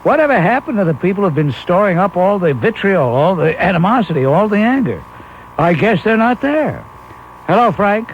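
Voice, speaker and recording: A man's voice: high-pitched, sing-song, fairly quick, hardly any pauses, slight background noise. A man hosting a call-in talk radio show, blunt and dismissive as he scores callers. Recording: 1991 AM radio broadcast, muffled.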